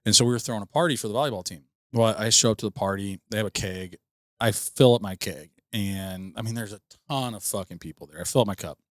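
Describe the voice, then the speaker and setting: Low-voiced man telling a rambling story. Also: quick pace, a bit bright, dry recording, clean studio sound. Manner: profane, rambling, full of "like" fillers. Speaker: podcast co-host. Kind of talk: casual storytelling.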